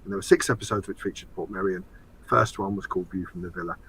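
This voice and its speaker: A man's voice: sits low, steady tone, fast, sharp tone, a little hiss or hum, rough recording. A man from England co-hosting a casual podcast chat, teasing and explaining at length. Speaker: co-host and show expert.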